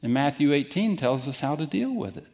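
A man preaching a sermon as pastor, emphatic and deliberate, challenging his listeners directly. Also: a little high, very animated, creaky, darkish tone.

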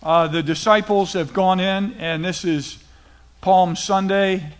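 Middle-aged male pastor, high-pitched, casual storytelling sermon delivery. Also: steady tone, takes it slowly. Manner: conversational preaching, retells scripture in casual paraphrase.

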